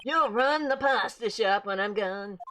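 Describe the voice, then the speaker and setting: A woman doing a loud rambling old man. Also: mid-range voice, unhurried, pitched above the performer's own voice, natural voice. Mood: doting. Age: older. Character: eccentric rambling old man, doting father figure. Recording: game music behind. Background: game music.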